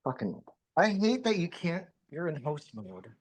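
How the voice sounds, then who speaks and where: A man's voice: a little high, big pitch swings, measured pace, slightly rough, no echo. A man on a group call, a contestant in an online game, talking in blunt, crude and profane banter.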